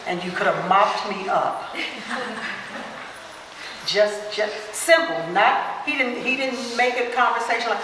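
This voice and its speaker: A woman's voice: fairly high pitch, unhurried, a little hiss or hum. A woman speaker telling personal stories to a gathering and acting out the people in them, recorded from far off in an echoey hall. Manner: animated storyteller who acts out quotes. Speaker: guest speaker. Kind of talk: personal storytelling talk.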